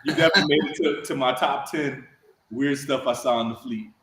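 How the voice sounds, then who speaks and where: A man's voice: medium pitch, brisk, fairly bright tone. A man co-hosting a casual podcast, telling crude, rambling military anecdotes and laughing often. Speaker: podcast co-host, Marine veteran. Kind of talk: casual storytelling chat. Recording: roomy echo.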